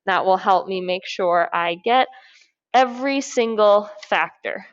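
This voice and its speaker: A woman's voice: medium pitch, unhurried, no echo, muffled recording. A woman math teacher talking through a lesson step by step in an upbeat, encouraging way. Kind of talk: recorded classroom lesson.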